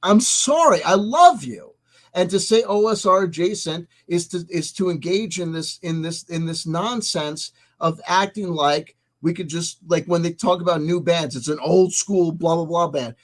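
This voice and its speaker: A man hosting a vlog, ranting emphatically with profanity and swinging between loud outbursts and soft asides. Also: on the high side, moderate pace, hardly any pauses. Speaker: host.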